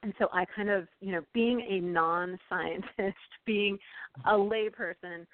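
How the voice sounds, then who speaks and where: A woman's voice: mid-range voice, a little slow, dry recording. A woman from California, an author, talking through her book in a casual interview with many ums and you-knows. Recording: tinny, dry phone-line audio.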